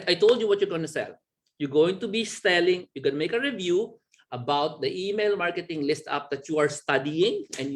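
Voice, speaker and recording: A man with a Filipino accent teaches an online business lesson. His voice sits a little high for a man and bounces up and down, with small laughs along the way. He keeps pulling the listener in with quick check-in questions. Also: slight background noise. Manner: animated, with sudden pitch jumps and small laughs. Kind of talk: recorded training lecture.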